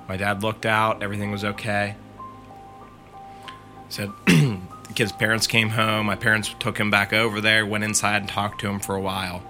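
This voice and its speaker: With a lowish, sharp-toned voice, a podcast co-host chats casually as he retells a story to friends. His telling leans on "like" and "he said."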